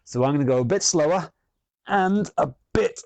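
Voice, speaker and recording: A man's voice: a little high, expressive, normal speed, a little mellow, dry recording. A man leading an online exercise class, chatty and self-mocking as he exercises along. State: exercising as he talks. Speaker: fitness instructor.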